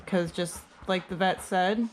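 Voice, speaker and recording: A woman's voice: on the low side, fairly even intonation, measured pace. A woman vlogging at home as she feeds her dogs, chatting casually and coaxing them in a rising pet-talk voice. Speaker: dog owner vlogger. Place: home kitchen with dogs around. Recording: noisy home audio with background ambience.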